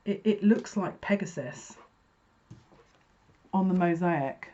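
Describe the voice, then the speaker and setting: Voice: medium pitch, slow, dark tone, dull audio. A psychic reader giving a casual, rambling card reading to viewers, often breaking off mid-sentence. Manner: chatty, rambling, self-interrupting.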